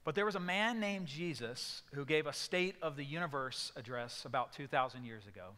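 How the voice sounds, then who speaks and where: Guy pastor preaching, kinda high voice, tells stories and yells out the lines sometimes. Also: animated, normal speed, long reverb tail. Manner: storytelling with sudden acted outbursts. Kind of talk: sermon. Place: church sanctuary.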